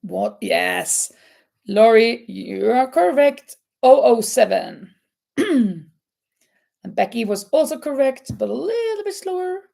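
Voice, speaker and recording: Slow-talking chatty woman, gravelly voice. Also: fairly high pitch, sing-song, mellow. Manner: chatty, laughs often, reads quiz questions to viewers. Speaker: host of a live crochet chat and quiz. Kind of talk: casual live-stream chat.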